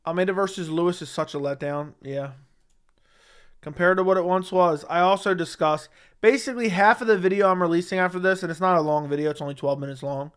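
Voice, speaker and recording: The voice is smooth and a little high, belonging to a man who streams casual MMA talk from his home. He takes viewer comments one by one and pushes back defensively, restating his arguments again and again, all through a studio dynamic mic.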